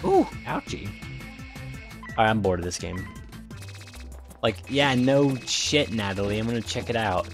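A man's voice: on the low side, moderate pace, long pauses, faint music behind. A man streaming a video game with goofy, playful commentary and jokey yelps of pain. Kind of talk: casual let's-play commentary.

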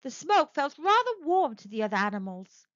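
Woman storyteller, high bright voice, very lively, dry slightly dull lo-fi sound. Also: normal speed, no room sound. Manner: expressive, sing-song storytelling. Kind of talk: children's read-aloud narration.

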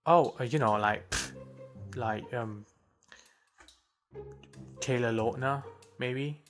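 A man's voice: mid-range voice, slow pace, lightly acted. A mumbling, offhand future version of the narrator, played by the young man himself. He trails off and hesitates, with faint music underneath. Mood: unsure.

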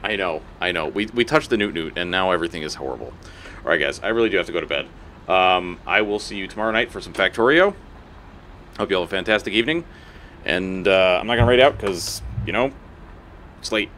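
A man's voice: low voice, fast, slight background noise. A man streaming live gameplay, chatting to his viewers and to the creatures on screen, yelping and cursing when things go wrong. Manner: excitable, talks to game creatures, yelps and curses.

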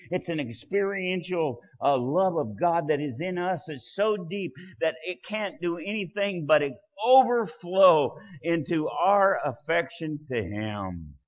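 A man preaching a sermon as pastor, swelling loud and dropping soft. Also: on the high side, long reverb tail, dull audio.

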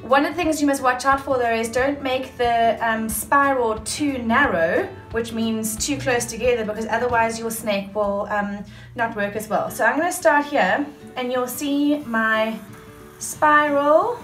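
A woman's voice: a little high, a little slow, fairly bright tone. A woman teacher giving a chatty, step-by-step craft lesson for children, with many fillers. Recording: roomy and distant, with music.

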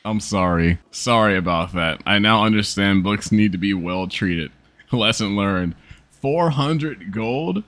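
A tired young gaming streamer comments on his gameplay, joking, cursing and laughing a lot. His voice is lowish and a bit bright, his pace a little slow, and the recording is dry.

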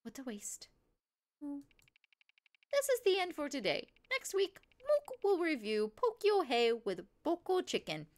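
A woman's voice: sits high, very animated, a little slow, pitched above the performer's own voice. A woman voicing a cow who hosts an eating show, speaking in broken simple phrases and mooing. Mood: goofy. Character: cow video host eating on camera. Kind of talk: reading game dialogue aloud.

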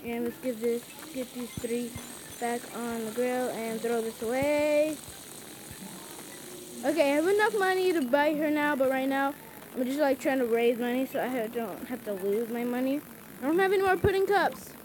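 Woman, high voice, frantic casual gameplay commentary, pleading to herself, clear sizzling game sounds underneath. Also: steady tone, normal speed, a little mellow, slight background noise, poor audio.

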